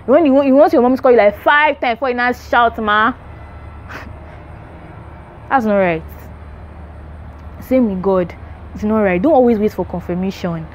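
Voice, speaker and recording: A woman's voice: fairly high pitch, measured pace, long pauses, muffled recording, slight background noise. A young adult woman gives an emphatic, repetitive faith teaching to camera, urging her listeners on. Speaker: Christian vlogger.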